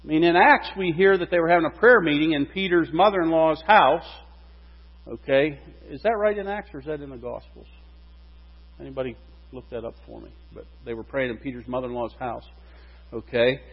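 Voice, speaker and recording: A man preaches in an animated way, his slightly high, husky voice swinging up and down for emphasis. The recording is dull and lo-fi, with a long reverb that carries through the church hall. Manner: animated, voice rising and falling with emphasis. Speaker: pastor. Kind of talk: sermon.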